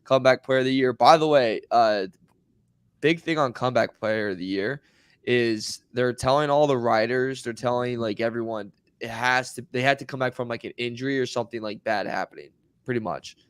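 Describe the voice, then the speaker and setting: A man's voice: medium pitch, a little fast, smooth, dry recording. A man hosting a sports podcast who leads the topics and laughs easily. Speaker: podcast host. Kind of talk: casual sports chat.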